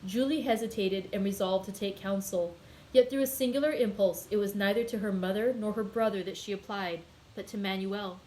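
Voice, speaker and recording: A woman librarian hosting a daily read-aloud, reading a classic novel in a clear, measured storytelling voice. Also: medium pitch, darkish tone, poor audio.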